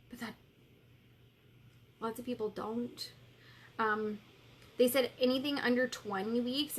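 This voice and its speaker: A woman's voice: a little high, fairly bright tone, slight background noise. A woman in her thirties hosting a live coaching stream, tearful and candid, swearing freely as she reads viewers' comments. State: tearful, crying while talking.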